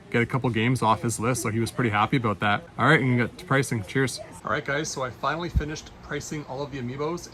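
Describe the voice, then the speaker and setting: A man chatting casually in his retro game store vlog, upbeat and quick to laugh. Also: mid-range voice, fairly bright tone.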